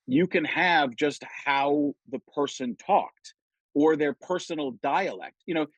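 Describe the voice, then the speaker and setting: A middle-aged man, a comedian guest on a podcast, chatting casually and telling stories with lively quoted voices. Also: on the high side, a little slow, dry recording, rough recording. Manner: animated storytelling, jumps into quoted voices. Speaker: guest impressionist.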